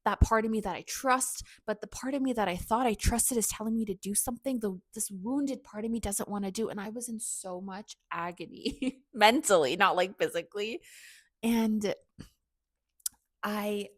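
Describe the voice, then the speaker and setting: A woman's voice: mid-range voice, moderate pace, dry recording, studio quality. A young woman hosting a podcast, telling a personal story in a candid, chatty way, full of "like" and self-mocking asides. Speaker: podcast host.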